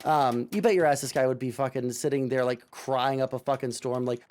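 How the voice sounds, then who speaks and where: A man's voice: mid-range voice, animated, brisk, gravelly, hardly any pauses, darkish tone. A man giving a casual reaction commentary as a streamer, ranting sarcastically and swearing a lot.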